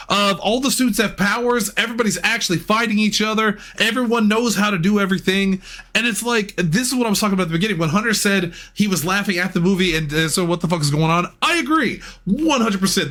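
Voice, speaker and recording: An excitable man with a high, bright voice rants freely in a casual movie review podcast. He talks in an animated, profane rush, building himself up as he argues a point.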